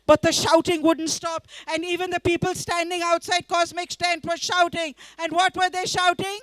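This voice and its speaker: A woman from India, reading her story aloud in a festival tent, lively and coaxing the audience to join in. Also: very high voice, moderate pace, few pauses, no room sound. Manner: lively, coaxes the audience to join in, laughs often.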